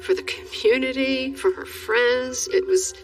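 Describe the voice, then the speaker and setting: A woman's voice: high-pitched, expressive, unhurried, distant mic, faint music behind, poor audio. A woman interviewed about a friend, speaking thoughtfully in a reflective interview.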